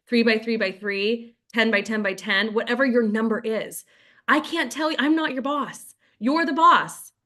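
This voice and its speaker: A network marketing trainer with a mid-range, sharp-toned voice leads a group video call. She talks chattily with frequent "like" and "right?" and acts out sample scripts in quotes.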